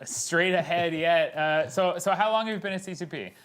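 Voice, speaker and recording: A man's voice: sits high, moderate pace, fairly bright tone. A man with a Canadian accent hosting a live tournament desk show, playful and teasing, often restarting his sentences. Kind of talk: live broadcast desk chat.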